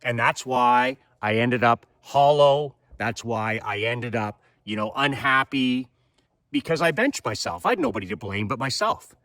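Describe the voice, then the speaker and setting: A man's voice: medium pitch, animated, measured pace, a bit bright, no room sound, studio quality. A man in his fifties giving a fervent motivational monologue, firing rhetorical questions and repeating his points. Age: 50s. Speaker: motivational speaker.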